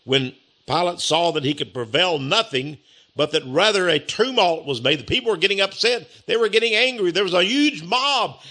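A man's voice: sits high, expressive, moderate pace, pushed and bright. A man preaching a sermon, telling the story with rhetorical questions to his listeners.

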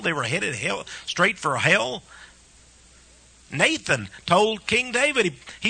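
A man preaching an impassioned sermon, firing rhetorical questions and dropping from loud peaks to hushed asides. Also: high voice, breathy edge, dry recording. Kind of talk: fiery sermon.

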